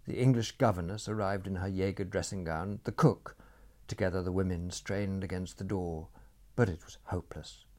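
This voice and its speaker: A man narrating a story in a dry, measured storytelling manner. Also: low-pitched, steady tone, a little mellow.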